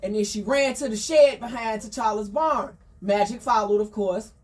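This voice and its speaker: Chatty woman spilling a story, higher voice, a bit far from the mic. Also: moderate pace. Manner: chatty, slangy, animated asides. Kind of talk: casual gossipy storytelling.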